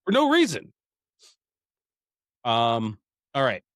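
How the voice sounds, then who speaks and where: A man's voice: mid-range voice, wildly swooping pitch, takes it slowly, fairly bright tone, dry recording, studio quality. A man in his thirties co-hosting a casual podcast, talking in a profane, rambling way and calling everyone "dude". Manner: profane, rambling storyteller, calls listeners "dude". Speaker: podcast co-host.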